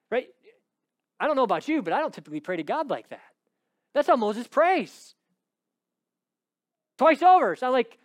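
A man preaching a sermon and reading scripture aloud. He rises high when he stresses a point, then drops low and quiet. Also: big pitch swings, moderate pace, long pauses, dry recording, clean studio sound.

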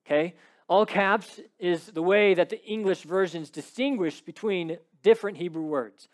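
Man, pastor, higher voice, emphatic sermon, rhetorical questions. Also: moderate pace. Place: church service.

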